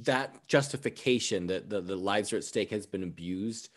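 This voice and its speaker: A man co-hosting a podcast, speaking casually and haltingly, often restarting and trailing off. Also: on the low side. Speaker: podcast co-host. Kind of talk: casual conversation.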